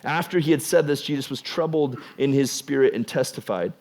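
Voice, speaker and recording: A young man preaching a casual youth sermon, animated and jokey, acting out the scenes. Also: medium pitch, brisk, few pauses. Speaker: youth pastor.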